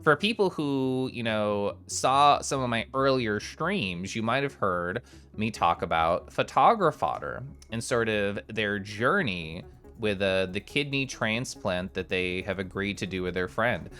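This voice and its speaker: A man streaming live, chatting casually with his viewers and answering chat with bubbly, excited exclamations. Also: on the low side, a little slow, faint music behind.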